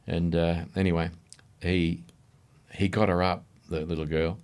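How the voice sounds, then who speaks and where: A man's voice: low voice, normal speed, creaky. An Australian man, a middle-aged radio presenter, chatting casually on a podcast and acting out voices in his anecdotes. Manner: animated storyteller, acts out voices in anecdotes.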